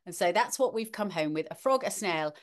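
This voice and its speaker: A middle-aged woman, co-hosting a casual weather chat, animated and talkative, with frequent ums and restarts. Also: fairly low pitch, a little fast. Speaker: podcast co-host, weather presenter.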